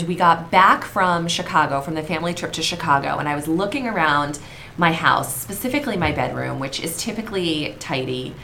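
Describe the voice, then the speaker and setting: A woman's voice: sits low, brisk, creaky, fairly bright tone, a little hiss or hum. A woman podcast co-host telling candid, self-mocking stories with casual swearing. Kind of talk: casual chat.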